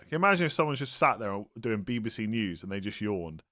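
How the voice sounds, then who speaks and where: A man's voice: medium pitch, animated, fast, hardly any pauses, fairly bright tone. A man hosting a casual live stream, answering viewer questions in a chatty, rambling way, sounding tired and often breaking off mid-sentence. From England. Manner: chatty, rambling, self-interrupting, tired and yawning.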